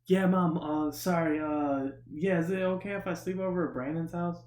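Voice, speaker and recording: A man voicing his teenage friend, a boy calling out loudly to his absent parents in a high, strained voice. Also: steady tone, normal speed, echoey room, close to an everyday voice. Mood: pleading.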